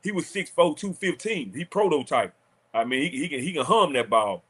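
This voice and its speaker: A man, a former college quarterback telling animated, laughing stories as a talk show guest. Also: on the high side, moderate pace, husky. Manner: animated, laughing storyteller acting out quotes. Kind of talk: casual storytelling on a talk show.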